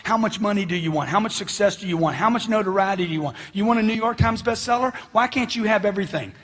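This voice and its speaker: A middle-aged man giving a forceful, preachy motivational seminar talk, firing questions at the crowd. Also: high voice, fast talker. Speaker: motivational speaker.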